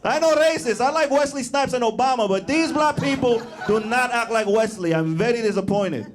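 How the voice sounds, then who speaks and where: A man doing a shrill fretful older mother. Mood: indignant. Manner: high, shrill, slow complaining.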